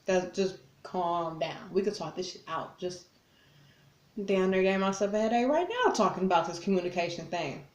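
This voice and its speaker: A woman's voice: fairly low pitch, animated, normal speed, a little mellow. A woman vlogger talking casually to her camera, blunt and profane, who acts out arguments in raised voices. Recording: roomy echo.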